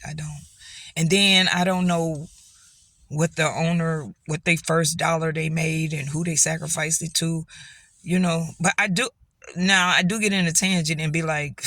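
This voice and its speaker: A woman's voice: deep voice, bright, forceful tone, no room sound. A middle-aged woman telling a rambling story to her viewers, laughing often and encouraging them. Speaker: vlogger. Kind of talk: casual storytelling monologue.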